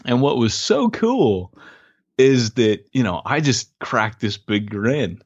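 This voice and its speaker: A man co-hosting a podcast, telling a story in casual chat and acting out quotes in a higher voice. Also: big pitch swings, takes it slowly, no echo, lo-fi sound. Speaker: podcast co-host, church planter.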